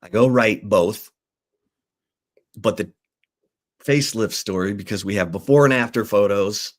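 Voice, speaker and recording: A man hosting a sports talk show, telling a long reporter's story in a lively, casual way and acting out the people he quotes. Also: fairly low pitch, a little slow. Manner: acts out quoted people in changing voices. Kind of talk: animated storytelling.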